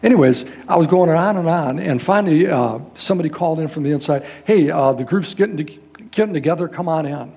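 Gravelly older man preaching a story. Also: on the high side, fast talker. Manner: animated, folksy, quotes people in raised voices. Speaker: guest pastor. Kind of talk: sermon storytelling.

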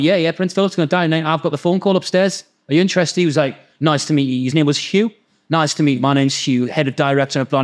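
A man with a Geordie accent telling a story in casual chat, animated and swearing freely as he acts out the voices of others. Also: fairly high pitch. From North East England. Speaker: podcast guest storyteller.

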